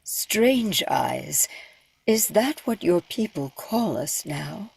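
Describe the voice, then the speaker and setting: A woman voice actor playing a somber, wary tribeswoman, speaking in a hushed half-whisper. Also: fairly low pitch, very animated, slow pace, creaky, slightly rough, dry recording, heavily acted. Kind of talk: voice acting in a recording session.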